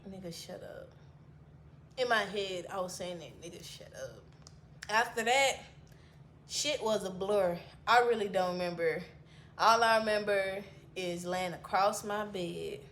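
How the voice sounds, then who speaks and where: A young woman telling a personal story in a casual vlog, animated and laughing, swinging between hushed asides and loud outbursts. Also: mid-range voice, slight background noise.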